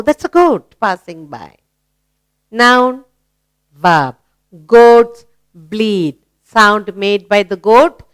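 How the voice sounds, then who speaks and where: A woman's voice: mid-range voice, no room sound. A woman teaching a grammar lesson to young children, asking questions and praising answers. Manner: slow, coaxing, asks questions and praises.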